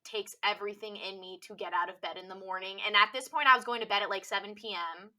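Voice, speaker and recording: Bright-voiced young woman, rambling softly. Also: mid-range voice, fairly even intonation, fast talker. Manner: rambling, heavy use of "like" filler. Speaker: podcast guest telling her story. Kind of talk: casual personal storytelling.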